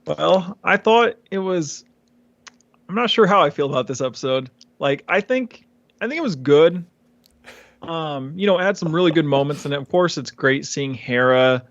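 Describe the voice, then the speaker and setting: A man's voice: fairly high pitch, expressive, moderate pace, no echo, dull audio. Hesitant male podcast co-host. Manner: hesitant, many fillers. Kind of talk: casual podcast discussion.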